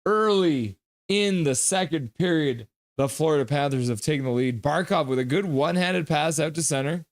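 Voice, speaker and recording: A man's voice: fairly high pitch, no echo. Man calling hockey play-by-play. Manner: brisk play-by-play, breaks into loud cheers. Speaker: live stream host calling the game. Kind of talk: live reaction play-by-play.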